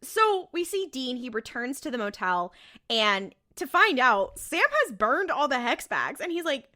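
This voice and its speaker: A woman co-hosting a podcast, casually recapping a TV episode in an animated way and acting out the characters' lines. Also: high-pitched, moderate pace. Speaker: podcast co-host.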